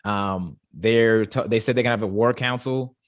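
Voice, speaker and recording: A man hosting a casual review chat, stumbling and repeating words when he gets excited. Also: fairly low pitch, normal speed. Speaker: show host.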